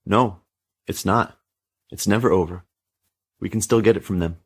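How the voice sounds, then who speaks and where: A man's voice: deep voice, moderate pace, breathy edge. A man voicing a stern, fearful mother who lectures her teenage daughter, read as a storybook scene. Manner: lecturing, controlling. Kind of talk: storybook reading.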